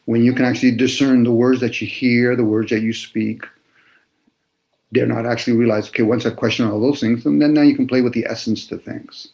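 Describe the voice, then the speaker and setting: A man in casual chat, explaining his ideas in a slow, lecturing way and playing with the meanings of words. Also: medium pitch, steady tone, vocal fry, a little mellow, low-quality recording.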